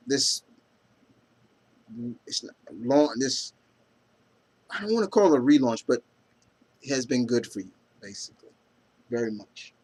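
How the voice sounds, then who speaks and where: A man hosts a casual comic book review vlog at a middle pitch. He rambles, fills gaps with ums and "you know," and stumbles over creators' names. When he reads favorite lines aloud, he gets audibly excited. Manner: reads out comic quotes with enthusiasm.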